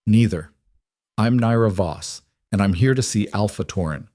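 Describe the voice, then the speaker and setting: A man reading as a cold, steady she-wolf leader. Her lines come low and even with no room sound, each one clipped and firm. A storybook heroine who does not back down. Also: normal speed, dry recording, studio quality, close to an everyday voice. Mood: defiant. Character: defiant young female wolf-shifter leader, cold and steady. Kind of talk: audiobook character reading.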